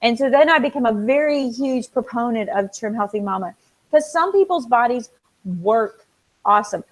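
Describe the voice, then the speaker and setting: A woman's voice: fairly high pitch, normal speed, poor audio. A woman co-hosting a casual chat, telling stories animatedly and acting out the people she quotes. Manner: animated storyteller, acts out quoted dialogue. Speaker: co-host.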